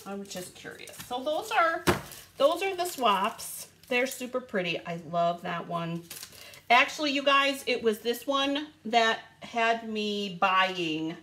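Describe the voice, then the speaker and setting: Bubbly chatty woman with lively pitch. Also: takes it slowly, slight background noise. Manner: bubbly, chatty, greets viewers by name; lively rising and falling pitch. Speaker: live stream host showing craft supplies. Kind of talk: casual live stream chat.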